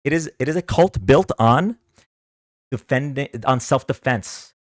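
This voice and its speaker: A man's voice: mid-range voice, lively intonation, measured pace, no room sound. A man hosting a livestream political debate, ranting in a combative, sarcastic way and taunting his viewers to come on and argue. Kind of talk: heated livestream political rant.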